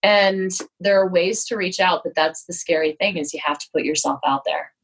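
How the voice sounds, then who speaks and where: A woman with a husky, breathy voice that sits a little low. She talks frankly and with self-deprecating humor in a relaxed conversational way. She acts out what she and others said as she tells her stories. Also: normal speed, rough recording. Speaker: yoga studio guest. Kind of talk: candid conversational storytelling.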